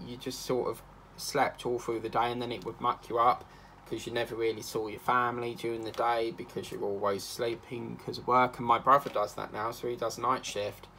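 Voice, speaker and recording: A chatty man rambles through stories while he works on a craft project. His mid-pitched voice has a gravelly fry to it. A faint hum sits behind him. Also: pushed and bright. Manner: rambling, chatty, breaks into snatches of song. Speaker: craft channel host. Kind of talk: casual chat while crafting.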